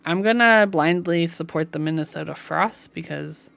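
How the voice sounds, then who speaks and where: A woman's voice: fairly low pitch, moderate pace, creaky, a bit bright. A woman live streamer at home, chatting casually with her viewers, with lots of filler "like" and easy laughter. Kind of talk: casual chat while reading live chat.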